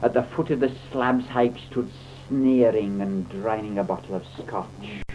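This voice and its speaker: A man's voice: fairly low pitch, level tone, a little slow, mellow. A man reciting comic verse in a theatrical, mock-dramatic way, on a dull, slightly noisy old recording. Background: audience laughter.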